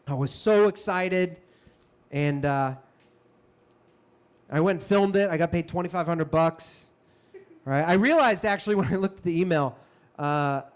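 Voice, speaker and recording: A young man telling a comic story on stage, animated and breaking into loud shouted bits. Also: high-pitched. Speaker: comedian. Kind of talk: stand-up storytelling.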